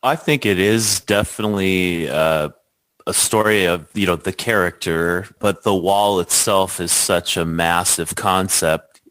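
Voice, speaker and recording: A man with a very low voice, a guest on a film podcast, talking through his ideas in a thoughtful, measured way. The sound is dry and close. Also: fairly bright tone, dry recording, poor audio. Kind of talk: casual film discussion.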